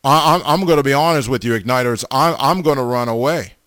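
A man's voice: mid-range voice, fast talker, fairly bright tone, clear, resonant tone, dry recording, studio quality. A man preaching a sermon, blunt and emphatic, stammering over restarts and repeating himself for stress.

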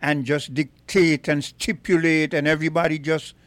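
A man hosting a radio talk show, measured and questioning, sometimes hesitant at the start. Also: fairly high pitch, little pitch movement, fairly bright tone, no echo.

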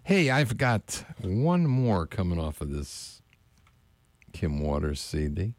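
A man's voice: sits low, slow, no room sound. A man hosting a live morning radio show from a college station, casually greeting his listeners between tracks. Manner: relaxed, friendly shout-outs to listeners. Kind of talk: laid-back radio show chat. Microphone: studio mic, close.

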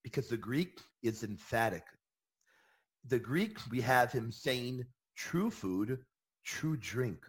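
A man hosting a Catholic radio program, answering listener questions with emphatic, energetic teaching and mock objector voices. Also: mid-range voice, takes it slowly, husky. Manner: emphatic, animated, repeats key phrases with bursts of enthusiasm.

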